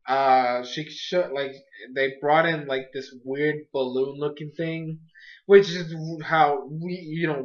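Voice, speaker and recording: A man's voice: medium pitch, highs cut off. A man casually reviewing a cartoon episode, rambling with lots of fillers and amused asides.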